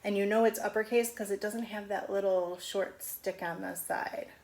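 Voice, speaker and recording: Woman teacher sounding out letters slowly. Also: medium pitch, fairly even intonation, creaky, a little mellow. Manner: slow, drawn-out sounding of letters. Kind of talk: phonics lesson on video. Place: home. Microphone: camera on video.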